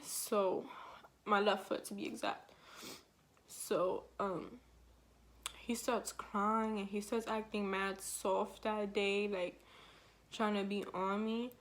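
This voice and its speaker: A woman's voice: mid-range voice, little pitch movement, slow, long pauses. Emotional woman telling a storytime vlog. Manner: casual, slangy storytelling full of "like" fillers; emotional, tearful retelling. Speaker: vlogger.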